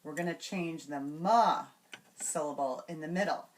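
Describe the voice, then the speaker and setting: A woman demonstrating classroom reading routines, sounding out words patiently and slowly. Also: deep voice, background noise. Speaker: teacher trainer. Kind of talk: instructional demonstration.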